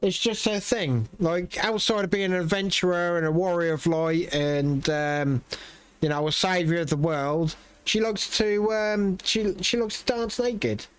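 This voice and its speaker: A man's voice: high voice, unhurried, smooth. A man casually commenting on his gameplay, rambling and swearing freely. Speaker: gameplay streamer.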